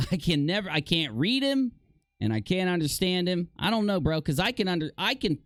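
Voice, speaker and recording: A male live streamer riffing to his chat in a loose, sarcastic way, often laughing at himself. His pitch swings widely and sits a bit high for a man. The sound is close and dry, with little room around it. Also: dry recording. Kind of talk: casual live-stream commentary.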